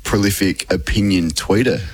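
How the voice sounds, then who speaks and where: A man's voice: low voice, normal speed, slightly rough. A man, a sports radio commentator telling stories in casual on-air chat.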